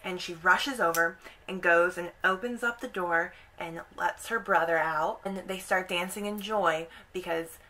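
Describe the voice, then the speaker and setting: A woman's voice: on the low side, sharp tone, low-quality recording. A woman YouTuber casually retelling an opera's story, chatty with lots of "like" and "kind of".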